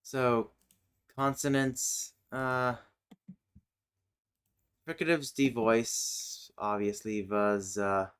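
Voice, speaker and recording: Slow, muttering man thinking aloud. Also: medium pitch, steady tone, a bit bright, clear, resonant tone. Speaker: streamer. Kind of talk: casual chat while working on a language.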